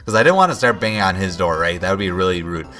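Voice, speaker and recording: A young man with a low, animated voice and fairly bright tone talks fast, telling a rambling story over gameplay. He keeps stopping to restart his sentences and quotes himself along the way.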